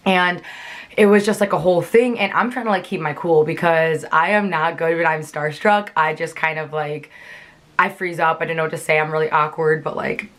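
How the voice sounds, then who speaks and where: A woman's voice: low voice, steady tone, normal speed, fairly bright tone. A young woman telling a chatty storytime vlog, filling her sentences with "like". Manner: chatty, many fillers like "like". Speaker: vlogger.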